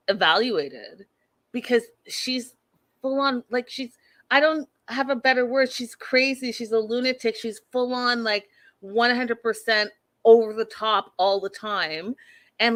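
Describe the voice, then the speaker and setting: A woman in her thirties hosting a casual show recap, blunt and opinionated, talking straight to her listeners. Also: a little high. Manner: animated, blunt and opinionated, addresses listeners as y'all. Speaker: podcast host recapping a reality show.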